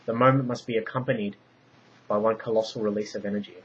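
A man doing a solemn female oracle who speaks her prophecies in a low, measured voice. It's a storybook reading heard through dull, lo-fi sound. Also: fairly even intonation, a little hiss or hum, natural voice. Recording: dull lo-fi recording.

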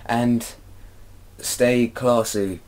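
A man's voice: medium pitch, fairly even intonation, drawn-out words. Goofy man rambling over a game. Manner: silly, sing-song rambling with mock accents. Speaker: gaming video creator. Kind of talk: goofy gameplay commentary. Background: loud game music.

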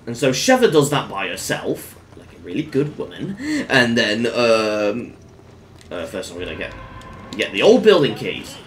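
A man giving casual let's-play commentary on a game, breaking into excited exclamations. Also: fairly low pitch, unhurried, slight background noise. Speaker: gameplay commentator.

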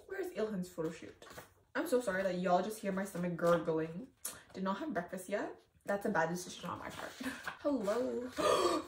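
A young woman vlogger chatting casually and excitably through an unboxing, laughing and gasping often. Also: medium pitch, echoey room, distant mic, slight background noise.

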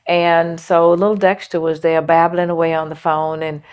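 An older woman in an oral history interview, recounting a personal memory in an unhurried, reflective way with frequent pauses and fillers. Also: fairly low pitch, little pitch movement, darkish tone, smooth.

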